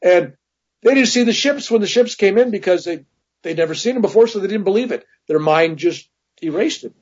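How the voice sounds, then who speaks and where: A man's voice: high-pitched, brisk, breathy edge, lo-fi sound. A man telling long personal stories as a guest in a casual interview, with many asides. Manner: rambling, animated anecdotes with many "right?" asides.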